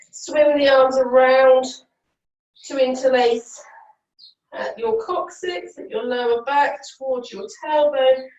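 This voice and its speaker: A woman leads a yoga flow and matches every cue to inhales and exhales. Her voice sits a little high, and she talks unhurriedly. She sounds distant from the mic, in a room that echoes. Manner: calm cueing that follows the breath, with counts and options. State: out of breath at times. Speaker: yoga teacher. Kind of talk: guided yoga class instruction.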